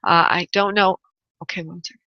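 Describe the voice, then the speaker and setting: A woman's voice: fairly low pitch, fairly even intonation, a little fast, no echo. A woman hosting a call-in radio show as a psychic medium, chatty, laughing often and calling callers honey and darling. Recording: dull lo-fi radio audio, dry.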